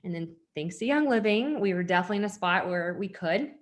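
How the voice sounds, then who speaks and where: A woman's voice: mid-range voice, expressive, fast. A woman in her thirties telling her personal story in a candid, chatty way, full of "like" fillers, at home with children nearby. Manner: laughs when uncomfortable. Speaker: network marketing leader. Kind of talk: personal story told to an audience.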